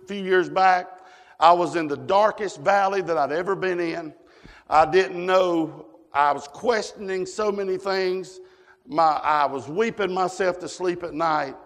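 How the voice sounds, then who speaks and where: A man preaching a fervent sermon, punctuating his points with frequent amens. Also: sits high. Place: church sanctuary. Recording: long church hall reverb.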